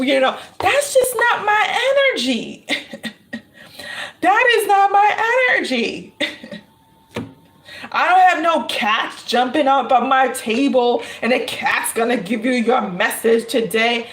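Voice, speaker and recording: A woman speaks to her viewers as a tarot reader and spiritual channeler in a casual, preaching-style talk. Her voice sits high and her delivery is slow and unhurried. She drives her points home by repeating phrases and laughs often. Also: a bit bright.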